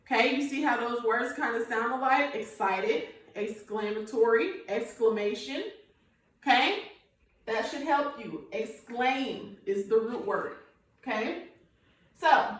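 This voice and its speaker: A woman's voice: fairly high pitch, unhurried, far from the mic. A woman teaching a grammar lesson to young children, explaining each point patiently and checking in with "okay" after each one. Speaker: elementary school teacher. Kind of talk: recorded remote grammar lesson. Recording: echoey room, voice from off the mic.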